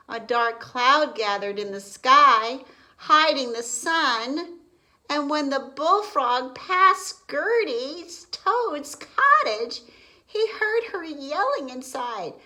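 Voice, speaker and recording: A woman's voice: sits high, sharp tone, poor audio. A woman reading a picture book aloud to preschoolers, explaining words and asking questions. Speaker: preschool story reader. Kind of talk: children's read-aloud lesson.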